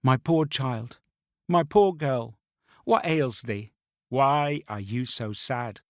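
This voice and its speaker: A man's voice: medium pitch, dry recording, clean studio sound. A man doing a formal royal herald. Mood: puzzled. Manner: measured and formal.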